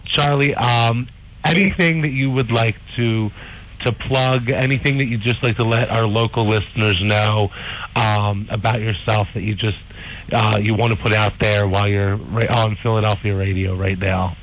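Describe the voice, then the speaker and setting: A man co-hosting a radio interview, effusive and halting, with many restarts. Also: on the low side, fairly even intonation, a bit bright, slight background noise, rough recording. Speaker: radio show co-host.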